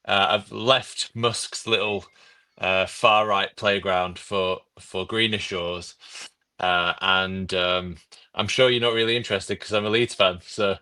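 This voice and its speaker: Bright-voiced jokey man from Yorkshire. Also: deep voice, fairly even intonation, measured pace, clear, resonant tone. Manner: jokey, wry, many fillers. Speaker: guest football writer. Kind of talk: casual podcast chat.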